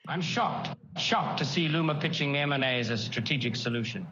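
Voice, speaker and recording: A man's voice: medium pitch, lively intonation, a little fast, lo-fi sound, noisy background, lightly acted. A man playing a mock-scandalized figure in an old film clip, with theatrical indignation. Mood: mock outrage.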